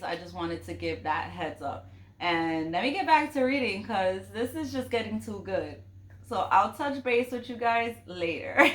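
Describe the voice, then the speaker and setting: Gushing woman book vlogger, slow talk. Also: medium pitch, sharp tone, roomy sound. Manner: gushing, emotional, rambling with many fillers. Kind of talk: casual reading vlog chat.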